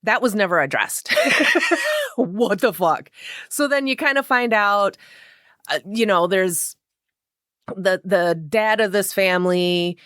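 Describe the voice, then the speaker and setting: A woman's voice: medium pitch, takes it slowly, pauses often, fairly bright tone, no room sound, studio quality. A woman casually recapping a horror novel, chatty and profane, acting out quoted lines with wry asides. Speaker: book vlogger.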